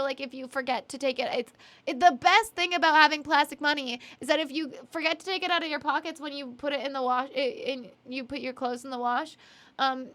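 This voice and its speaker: A woman's voice: high voice, fairly bright tone. A young adult woman streamer chatting casually with viewers, giggly and emotional, teary and yawning, often apologizing. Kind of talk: casual chat reading viewer messages.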